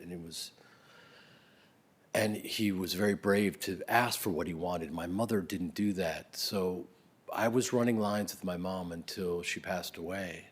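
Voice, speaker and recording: Husky man telling stories about his parents. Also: deep voice. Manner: swings between loud laughing bursts and soft near-whispers. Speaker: eulogy speaker. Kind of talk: spoken tribute, storytelling.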